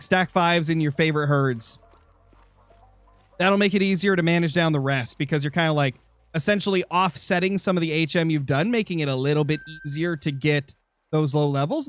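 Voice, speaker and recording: This is a young man's slightly high, somewhat bright voice as he streams a hunting game. Nursing a dry, sore throat, he keeps up chatty live commentary and responds to messages from his viewers.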